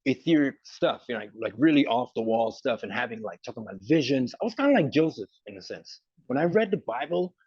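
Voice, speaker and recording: Gravelly male guest, loose storyteller, dry lo-fi recording. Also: mid-range voice, fast talker, few pauses, no room sound. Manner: rambling, animated storytelling. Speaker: musician guest. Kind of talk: casual interview.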